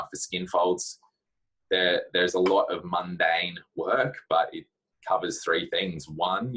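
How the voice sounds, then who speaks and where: Low husky man, blunt and practical. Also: a bit bright, rough recording. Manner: blunt, practical, with many fillers. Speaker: dietitian giving career advice. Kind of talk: casual reflective talk to camera.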